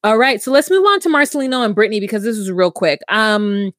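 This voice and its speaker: A woman co-hosting a podcast, recapping a reality show in a sassy, animated way and acting out quotes. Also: mid-range voice, fast, dry recording, clean studio sound. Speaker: podcast co-host. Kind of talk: casual recap chat.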